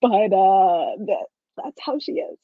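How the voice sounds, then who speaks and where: A woman's voice: medium pitch, expressive, slow, no room sound. A woman author chatting casually about her writing, with many fillers and light laughs. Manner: chatty, lots of "like", laughs while explaining. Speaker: author guest. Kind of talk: casual video-call interview. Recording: dry, dull lo-fi call audio.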